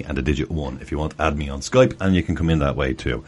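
A man's voice: very deep voice, lively intonation, racing, hardly any pauses, a little mellow. An Irish man hosting a casual call-in show over a video call, chatty and jokey, laughing often. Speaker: host.

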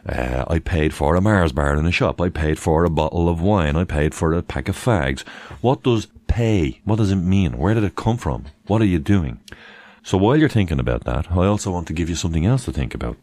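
Deep, chatty man hosting a live stream. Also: animated, fairly quick, darkish tone, no echo. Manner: chatty, rhetorical questions, thanks viewers by name. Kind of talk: casual live-stream talk reading chat.

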